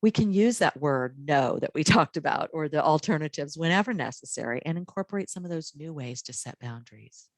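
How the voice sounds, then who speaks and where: A woman presenting a wellness training talk to healthcare workers in a calm, measured, encouraging way. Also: low-pitched, dry recording.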